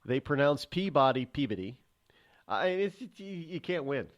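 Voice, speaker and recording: A man's voice: a little high, lively intonation, normal speed, lo-fi sound. A man hosting a casual talk show, rambling with many restarts and fillers as he tells stories. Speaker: host. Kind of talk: casual chat.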